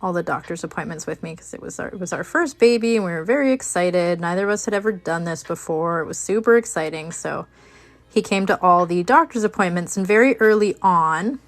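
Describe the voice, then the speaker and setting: A woman with a fairly low voice chats her way through a craft project, rambling from one story to the next. She trips over her words and restarts often, filling gaps with ums and likes. Soft music plays faintly underneath. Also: fairly quick. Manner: chatty, rambling, many fillers and restarts. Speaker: crafting channel host. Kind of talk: casual chat while crafting.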